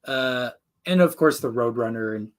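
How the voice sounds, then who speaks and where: A man in casual chat about classic cartoons, enthusiastic and quick to quote characters. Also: medium pitch. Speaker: co-host reviewing classic cartoons.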